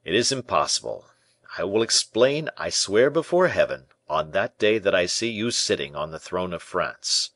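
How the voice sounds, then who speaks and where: A man reading an audiobook, voicing a scheming courtier who speaks in a measured, low, persuasive way. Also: sing-song, a bit bright, no echo, exaggerated voice.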